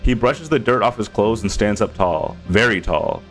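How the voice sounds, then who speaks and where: A man's voice: fairly low pitch, expressive, moderate pace, a bit bright, soft background music. A man streaming a game, reading its narration aloud with casual asides.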